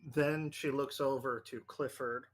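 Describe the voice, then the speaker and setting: A man acting as game master, narrating a tabletop horror game in a halting way with many fillers. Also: medium pitch, steady tone.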